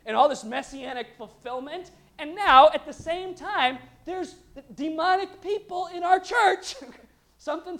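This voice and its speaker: Lively woman preaching a sermon. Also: sits high. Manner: lively and conversational, with humorous asides.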